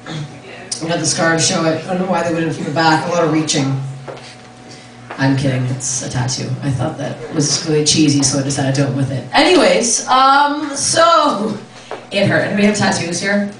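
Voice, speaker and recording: A young woman doing a stand-up set with a deep, raspy voice, chatting with the crowd and poking fun at herself. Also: animated, moderate pace. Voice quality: deep raspy voice, says she always sounds this way. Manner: self-deprecating, chatty with the crowd. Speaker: stand-up comic. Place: comedy club stage. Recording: echoey club from far off, crowd noise.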